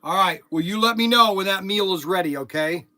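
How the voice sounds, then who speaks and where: High, bright, excitable guy hosting his channel, chatty storyteller. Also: brisk. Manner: excitable, chatty storyteller with lots of restarts and exclamations. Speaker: channel host. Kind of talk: casual chat in the shop, partly on the phone. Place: workshop.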